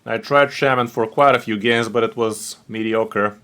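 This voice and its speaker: A man streaming a card game, giving excitable, trash-talking and profane casual gameplay commentary. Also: on the low side, normal speed.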